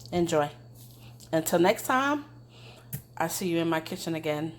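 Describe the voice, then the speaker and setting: A woman's voice: fairly low pitch, lively intonation, normal speed, a little hiss or hum, low-quality recording. An older woman hosting a casual cooking show in her home kitchen, chatty and homey, sending blessings to her viewers.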